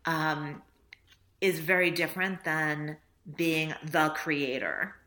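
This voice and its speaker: A woman's voice: low voice, fairly even intonation, slow, bright, forceful tone. A woman author talking reflectively in a casual interview, laughing often and acting out little dialogues. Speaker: author guest.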